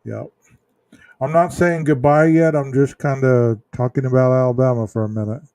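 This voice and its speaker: A man's voice: mid-range voice, fairly even intonation, normal speed, warm tone, no room sound. A man hosting a true-crime livestream, chatting casually with viewers in chat, rambling with fillers and restarts.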